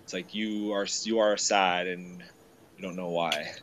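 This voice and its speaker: A man talking in a halting, confessional way, emotional and tearful. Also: deep voice, fairly even intonation, fairly bright tone, slight background noise, rough recording. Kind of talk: casual conversation.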